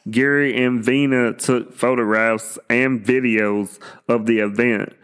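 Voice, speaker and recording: A man putting on a smooth mock Aussie accent. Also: medium pitch, fairly even intonation, takes it slowly, fairly bright tone, pitched above the performer's own voice. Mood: mock-earnest. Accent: put-on Australian. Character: male podcast host reading a UFO report in a mock Aussie voice. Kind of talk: comic read-through of a report.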